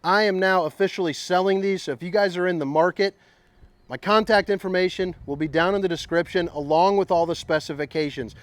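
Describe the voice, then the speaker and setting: A man's voice: high voice, a little fast. A young man selling RVs, giving an upbeat, rambling walkthrough tour of a trailer. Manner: upbeat, enthusiastic, rambling asides. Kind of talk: casual product tour.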